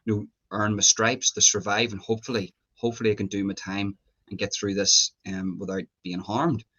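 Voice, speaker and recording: A man's voice: lowish voice, level tone, a little fast, sharp tone, husky, dull audio. A man hosting an interview, rambling and thinking aloud as he builds his questions. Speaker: host.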